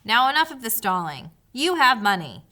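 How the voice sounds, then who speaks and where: A woman's voice: a little high, very animated, moderate pace, bright, forceful tone. A woman voicing a worldly male cat who talks in a dry, impatient way.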